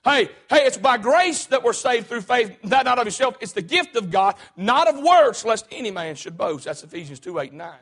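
A man's voice: sits high, fairly quick, hardly any pauses, fairly bright tone. A man preaching a sermon, emphatic and punctuating his points with "hey".

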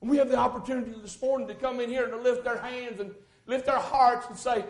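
Male pastor, very high voice, folksy sermon with fervent peaks, echoey sanctuary. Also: steady tone, fast talker, few pauses. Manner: folksy, rising to fervent shouts. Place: church sanctuary. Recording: echoey church room.

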